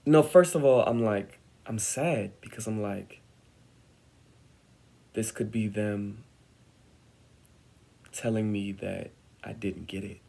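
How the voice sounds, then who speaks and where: A young man telling a personal story on his vlog, animated and dramatic as he acts out what others said. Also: on the low side, slow, creaky, long pauses. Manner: animated, dramatic retelling with acted-out quotes. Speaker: vlogger.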